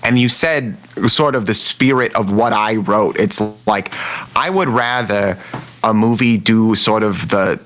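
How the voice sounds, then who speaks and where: Animated man ranting about film accents. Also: fairly low pitch, measured pace, faint music behind. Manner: animated, jumpy, restarts a lot. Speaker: podcast co-host. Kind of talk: casual movie review chat.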